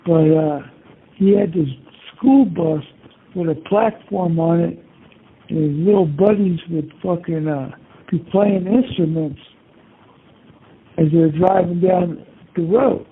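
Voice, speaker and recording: Speaking by phone from prison, this older interviewee meanders through old memories in a relaxed way, scattering "you know" and curse words throughout. He has a slightly high, husky voice, moves slowly, and pauses often over a tinny line.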